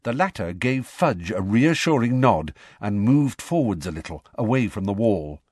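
A man reading a storybook aloud in an expressive, measured way. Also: on the low side, no echo, clean studio sound. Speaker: audiobook reader. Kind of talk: storybook narration.

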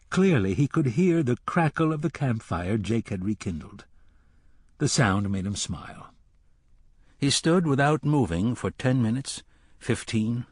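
A man reading an audiobook novel in measured narration, dropping to a hush at times. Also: medium pitch, slightly rough, dry recording, studio quality.

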